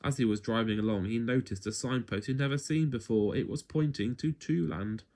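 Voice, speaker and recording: A man reading a children's story aloud at home in an expressive, playful way. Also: mid-range voice, fairly quick.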